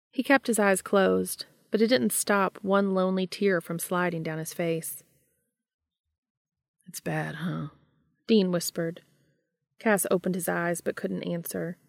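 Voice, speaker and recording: Woman narrator for fan fiction, low pitch, dry close sound, measured reading. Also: gravelly, dry recording. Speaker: fanfiction reader.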